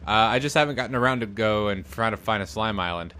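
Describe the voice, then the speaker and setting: A man's voice: fairly low pitch, fast talker, sharp tone, clean tone. A young man with a mostly hidden Southern US accent, hosting a casual game let's play and chatting while he plays, thinking aloud. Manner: chatty, upbeat, thinks aloud with fillers and laughs. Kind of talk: casual gameplay commentary.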